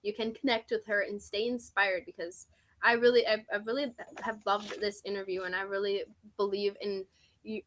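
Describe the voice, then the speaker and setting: A woman from the United States hosting an interview, talking in an effusive way with lots of fillers. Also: mid-range voice. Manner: warm, effusive praise with many fillers. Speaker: interview host. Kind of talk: casual interview chat.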